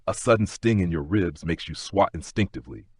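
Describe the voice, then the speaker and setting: Male sleep-story narrator, deep and husky, dry booth sound. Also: animated, no room sound. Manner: slow, gentle, second-person telling.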